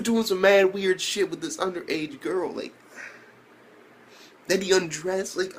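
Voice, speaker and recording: A young man reviewing an anime episode in casual speech, slangy and profane, who keeps jumping up in pitch when he reacts. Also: fairly even intonation, measured pace, pauses often, a little hiss or hum.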